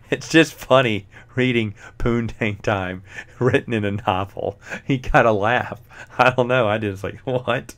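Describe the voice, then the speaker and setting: A man's voice: medium pitch, unhurried, a bit bright. Brief: male podcast host, mid-range voice, loose and chatty, many ums. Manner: rambling, lots of fillers, chuckles often. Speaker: podcast host reviewing a book. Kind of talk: casual solo podcast chat.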